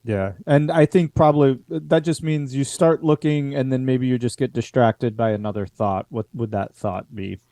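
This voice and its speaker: A man running a tabletop role-playing game as game master, describing scenes in a relaxed way with frequent hesitations. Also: medium pitch, moderate pace, few pauses, no echo. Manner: relaxed, hesitant, many ums. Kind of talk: narrating a tabletop horror game.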